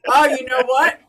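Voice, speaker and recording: A woman's voice: sits high, a bit bright, far from the mic, low-quality recording. A woman co-hosting a casual fish hobby live stream, chatting and laughing as she reads out viewer comments.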